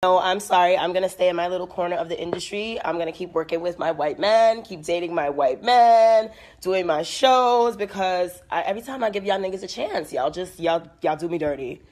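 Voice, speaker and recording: A woman in her twenties ranting hard, swearing through every line and circling back to the same complaint. Her voice sits fairly low for a woman. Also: a little fast, a little mellow. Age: 20s. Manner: heated, swearing, repetitive. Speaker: guest speaking in a played clip. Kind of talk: angry profane rant.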